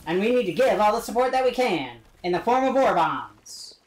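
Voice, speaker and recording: A man's voice: high-pitched, sing-song, a little fast. A man putting on a 1940s wartime radio announcer. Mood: rousing. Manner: rousing, patriotic, declaiming. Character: old-fashioned male wartime radio announcer.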